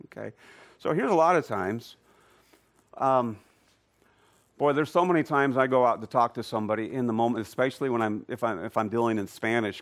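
Animated man teaching a Bible class. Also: medium pitch, brisk. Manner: animated, quizzes the audience. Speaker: church teacher. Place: room with a live audience.

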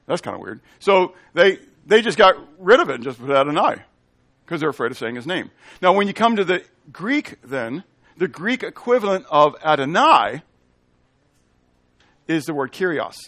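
A man's voice: mid-range voice, a bit bright, dry recording. A man preaching a teaching sermon in a conversational way, often checking in with "okay?" and explaining Hebrew and Greek terms. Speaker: pastor.

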